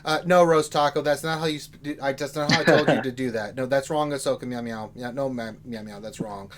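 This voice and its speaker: A man's voice: mid-range voice, fairly even intonation, fairly quick, slight background noise. A man co-hosting a game livestream in casual chat, joking and talking straight to his viewers in a rowdy way. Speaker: livestream co-host.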